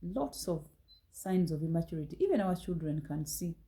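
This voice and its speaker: A woman gives a scolding motivational talk in a warm, mellow voice. She talks straight at her listeners, reproving them and pressing pointed rhetorical questions. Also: fairly low pitch, animated, moderate pace, poor audio.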